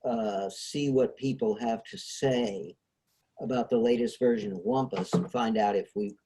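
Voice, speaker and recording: A man's voice: fairly low pitch, a little slow, warm tone. A man hosting a casual discussion over a video call, explaining ideas with frequent hesitations. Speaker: host.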